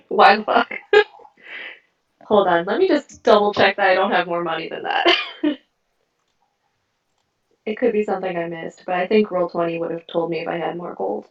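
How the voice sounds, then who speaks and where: A woman's voice: lowish voice, moderate pace, vocal fry, pauses often. A woman playing a tabletop game in casual chat, giggly and casually swearing. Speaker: player. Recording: roomy, distant, dull sound.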